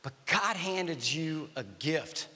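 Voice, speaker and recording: High, bright-voiced man in an echoing church. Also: slow. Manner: animated storytelling with acted-out dialogue. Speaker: guest speaker, army veteran. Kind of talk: motivational church talk. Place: church auditorium. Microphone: stage microphone. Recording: reverberant church hall.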